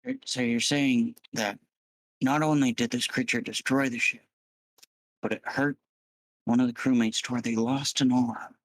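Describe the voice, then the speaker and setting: A man playing a tabletop game, talking in a halting, stammering, playful way. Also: mid-range voice, fairly even intonation, no echo, low-quality recording. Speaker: player. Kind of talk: casual in-character chat.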